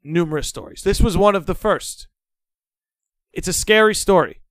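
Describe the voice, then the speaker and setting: A young man guesting on a podcast, telling a story in a casual, animated, dramatic way and swearing freely. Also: sits high, moderate pace, dry recording.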